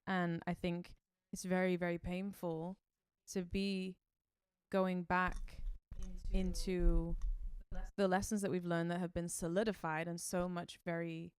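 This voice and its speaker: A woman co-hosting a podcast, speaking calmly and reassuringly in reflective casual chat. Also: lowish voice, a little slow, smooth, dry recording. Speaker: podcast co-host.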